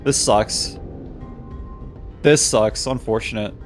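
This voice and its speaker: A man's voice: on the low side, takes it slowly, soft background music. A man live-streaming a game, chatting casually with his viewers in a playful, teasing, mock-dramatic way.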